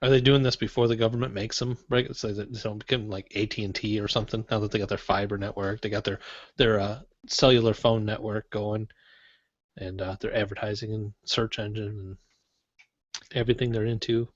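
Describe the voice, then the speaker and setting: A man's voice: fairly low pitch, little pitch movement, fairly quick, no echo. A man co-hosting a tech podcast in easygoing, joking chat and reading out listener email. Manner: easygoing, joking, muddles through reading aloud. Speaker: podcast co-host. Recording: dull lo-fi dry podcast audio.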